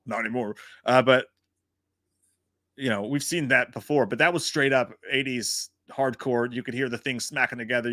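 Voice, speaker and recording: A man's voice: mid-range voice, dry recording, clean studio sound. A man hosting a casual livestream, talking in a loose, profane way and answering chat comments. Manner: profane, animated storytelling. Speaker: host.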